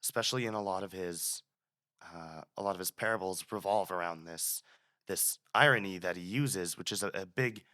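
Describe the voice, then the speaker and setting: A young man in his twenties speaks as a podcast guest, with a somewhat low voice. He tells stories animatedly and often restarts his phrases. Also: normal speed, pushed and bright. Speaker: student guest. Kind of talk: casual podcast interview.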